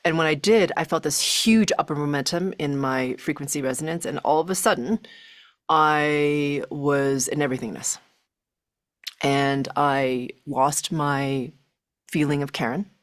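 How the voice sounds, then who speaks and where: A middle-aged woman, a podcast guest, telling a personal story in an animated way, acting out her own thoughts with lots of filler "like"s. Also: deep voice, a little slow, no room sound.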